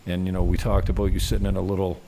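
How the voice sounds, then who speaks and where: A man's voice: low voice, monotone, rapid-fire, mellow, a little hiss or hum. A Canadian man hosting a casual live-stream chat, telling rambling stories with swearing and laughter. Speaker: host.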